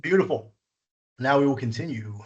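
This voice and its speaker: A man's voice: mid-range voice, lively intonation, moderate pace, muffled recording. A man leading a live coding workshop, walking through each step patiently and correcting himself as he goes. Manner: patient, walks through steps, self-correcting. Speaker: workshop instructor.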